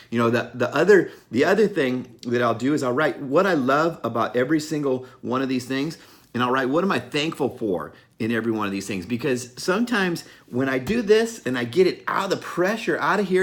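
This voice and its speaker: A middle-aged man talking straight to his listeners in an unscripted motivational monologue. He is blunt and emphatic, swears freely and repeats his key points. His voice sits at an ordinary middle pitch for a man. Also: a bit bright. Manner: blunt, profane, emphatic, laughs at himself. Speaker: motivational speaker.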